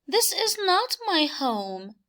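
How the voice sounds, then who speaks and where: A woman uses an exaggerated voice pitched far above her natural one, extremely high with big swings, a slow pace and a fairly bright tone. She plays a small lost female bug searching for a home, sounding earnest and plaintive.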